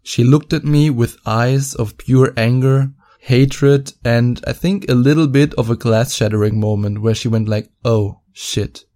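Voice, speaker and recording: A man's voice: medium pitch, fairly even intonation, unhurried, warm tone. A man working as a dating coach, telling a story to camera in a mocking, profane way and stretching out words for emphasis.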